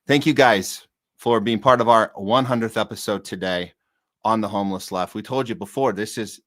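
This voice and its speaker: A man's voice: on the low side, moderate pace, fairly bright tone. A man hosting a live talk podcast who thanks his guest and gives blunt commentary. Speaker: podcast host.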